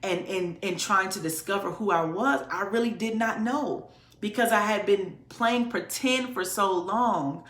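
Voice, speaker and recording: A woman's voice: measured pace, a bit bright, roomy sound. A woman podcast host, possibly from Detroit, candidly telling a personal story in a conversational way. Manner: candid, conversational, with sudden pitch jumps to demonstrate voices.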